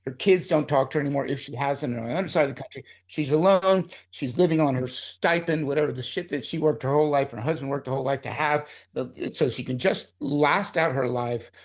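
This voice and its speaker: A man's voice: mid-range voice, creaky. A middle-aged man, a screenwriter being interviewed, talking in a heated, profane, rambling way. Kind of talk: casual interview talk.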